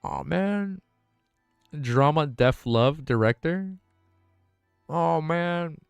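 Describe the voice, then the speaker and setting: A young man hosting a late-night livestream, reacting to artwork in a casual, excitable way with plenty of swearing, his voice tired and worn out. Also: a little high, drawn-out words, creaky, clear, resonant tone, dry recording, faint music behind. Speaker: livestream host.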